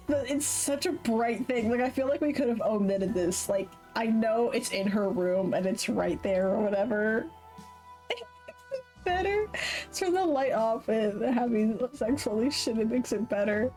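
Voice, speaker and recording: A woman's voice: on the high side, measured pace, darkish tone, soft background music, poor audio. A woman streamer reading a visual novel aloud with live commentary, swearing casually, laughing often and correcting herself mid-sentence. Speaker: Twitch streamer.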